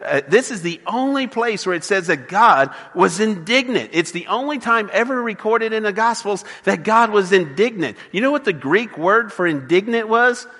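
A man preaching in a church sanctuary with a high, bright, forceful voice. He pushes his points hard, stumbles and restarts, and voices the people in the story. The sound carries a long hall reverb. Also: animated, normal speed, hardly any pauses. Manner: emphatic preaching with repeated restarts and acted quotes. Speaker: pastor. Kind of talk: sermon.

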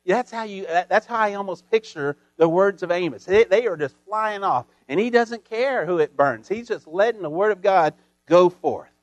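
A man preaching a sermon as pastor, folksy and full of homespun sayings, building emphatically to loud peaks. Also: high voice, expressive, moderate pace, dry recording.

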